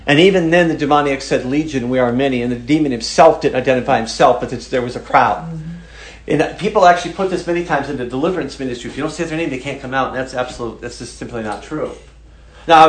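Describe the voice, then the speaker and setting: A man preaching a sermon, reading scripture aloud and talking it through casually, moving from emphatic stress to quiet asides. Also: mid-range voice. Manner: conversational, emphatic, shifts between loud and hushed.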